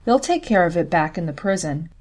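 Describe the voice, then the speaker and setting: A woman's voice: on the low side, expressive, fairly quick, a little mellow. A woman voicing a stern young farm girl giving firm orders, in an audiobook. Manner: firm, commanding.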